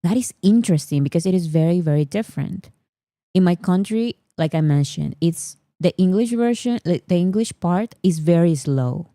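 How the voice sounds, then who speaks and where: A woman's voice: on the low side, animated, moderate pace, warm tone, no room sound, clean studio sound. A woman from Peru, chatting casually on a livestream and laughing often. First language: Spanish. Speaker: livestream host.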